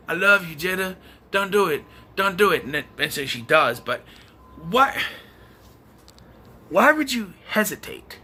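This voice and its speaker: A man's voice: sits high, expressive, unhurried, pushed and bright, slight background noise. A young man reviewing a film in a casual video, talking in an exasperated, sarcastic rant. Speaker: movie reviewer.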